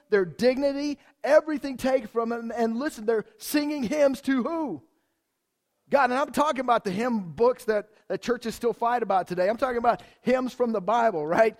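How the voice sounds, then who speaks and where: A man with a high voice preaches to his congregation in a church. He talks in a lively, conversational way and keeps throwing rhetorical questions at the listeners. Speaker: pastor. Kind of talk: sermon.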